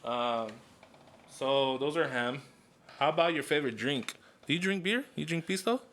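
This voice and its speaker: A man's voice: on the high side, expressive, moderate pace, fairly bright tone. Joking, loose-talking man. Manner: loose, joking, swears, drops in Spanish words. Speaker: podcast host. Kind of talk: casual interview chat.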